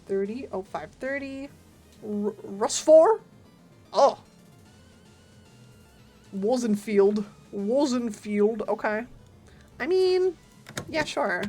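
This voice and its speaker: A woman streaming a game, chatting playfully with her viewers and giggling often. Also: mid-range voice. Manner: giggly, playful, talks to chat. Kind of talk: casual gaming stream chat. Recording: faint game music behind.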